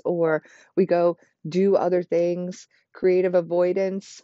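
A yoga teacher speaks in a soft, mellow tone, building encouragement through repeated parallel phrases. The recording is dry and a little dull, with a lo-fi edge. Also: mid-range voice, no room sound. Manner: flowing, repetitive, encouraging phrasing; admits to speaking fast. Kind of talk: motivational self-help talk.

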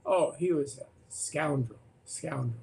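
An older man, a former political candidate, recounting debate stories as a guest in an animated way, often repeating words. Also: on the high side, unhurried, creaky. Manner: animated, repeats words and restarts, acts out quotes. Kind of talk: anecdotal storytelling in conversation.

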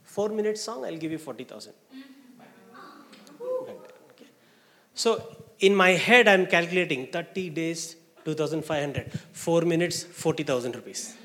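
Animated Indian man telling his story. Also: a little high, measured pace, long pauses. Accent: Indian English. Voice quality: animated, acts out the people he quotes. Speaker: speaker giving a personal testimony. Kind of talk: storytelling testimony. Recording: long hall reverb.

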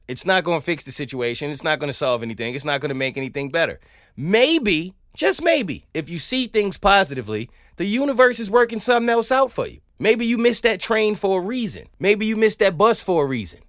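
High-voiced man, lively podcast rant. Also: no room sound, studio quality. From Southern United States. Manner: animated storytelling, sings snippets of songs. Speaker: podcast host. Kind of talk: casual comedic monologue.

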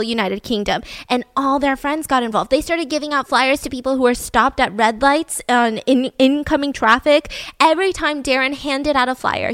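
A young woman retells a case to her co-host in a casual, talkative way, with a lot of "like" and "I mean". Her voice sits a little high. The sound is close and dry, with no room around it. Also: fairly bright tone, no echo. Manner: chatty, leans on fillers like "like" and "I mean". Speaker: podcast co-host. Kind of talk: casual true-crime storytelling.

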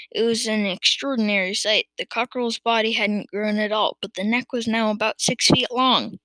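A woman's voice: mid-range voice, normal speed, few pauses, dry recording, poor audio. Woman reading a children's story. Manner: expressive, occasional slips and restarts. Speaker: reader. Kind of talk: reading a children's book aloud.

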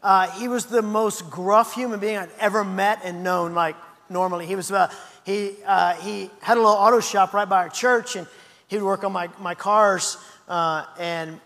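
A male pastor delivers a lively, anecdotal sermon, stumbling into frequent restarts. His voice sits high for a man. A long hall reverb trails every phrase. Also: normal speed.

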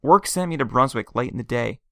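A man's voice: mid-range voice, animated, vocal fry, a bit bright, dry recording, studio quality. A man voicing an uncle who calls in a hurry, his speech cut up by static, as he reads a story aloud. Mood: hurried. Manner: hurried, broken-up speech. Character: uncle calling from far away on a bad phone line.

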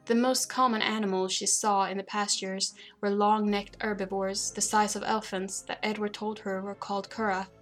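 A woman narrating a novel aloud in a steady, even way. Her pitch barely moves and stays level from line to line. Quiet music plays faintly behind her reading. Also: moderate pace, few pauses. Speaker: audiobook narrator. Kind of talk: storybook narration.

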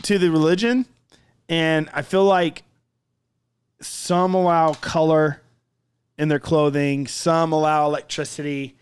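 A man co-hosting a loose podcast conversation, a little higher-pitched than most men. He rambles through anecdotes, full of fillers and restarts. He often stops to laugh at his own story. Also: fairly even intonation, a little slow, pauses often, clear, resonant tone. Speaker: podcast co-host. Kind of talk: casual chat.

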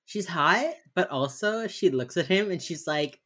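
Her voice sits low and her pace is slow. As a young podcast co-host, she casually walks through a TV episode, animatedly performing the characters' lines along the way.

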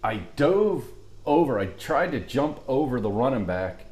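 Man, casual podcast co-host, swears a lot, lively swinging pitch, echoey room. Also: a little slow. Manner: swears freely, tells stories animatedly. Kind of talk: casual chat.

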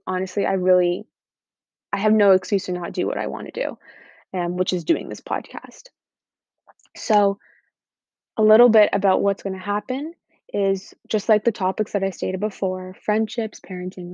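A young woman hosts her own podcast, chatting in an earnest, easygoing way full of ums and you-knows. Her voice is mellow and dark, and it sounds dry and a little dull, as on a lo-fi recording. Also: medium pitch, dry recording. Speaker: podcast host. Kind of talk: casual podcast introduction.

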